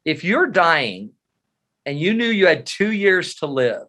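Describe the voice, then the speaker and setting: A man's voice: fairly high pitch, very animated, unhurried, sharp tone. A middle-aged man giving a webinar talk on psychology, telling stories with humor and animation. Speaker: presenter.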